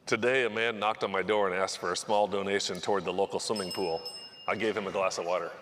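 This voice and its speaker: A man's voice: low voice, steady tone, fast talker, noisy background. A man hosting a live charity event, telling jokes in a loose, chuckling way. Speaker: event host.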